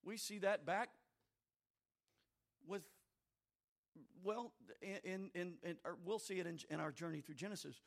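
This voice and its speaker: Fervent high-pitched preacher man. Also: a little slow, creaky, long pauses. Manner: swings between shouted fervor and quiet confessional asides; addresses listeners directly, folksy. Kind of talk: sermon.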